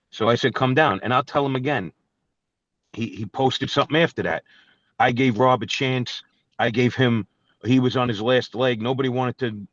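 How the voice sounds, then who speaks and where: A man's voice: medium pitch, a bit bright, dry recording. A middle-aged man, a guest telling his side of a feud and calling someone out in a profane, confrontational way. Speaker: guest musician. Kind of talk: angry storytelling and call-out. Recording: dull, dry studio recording.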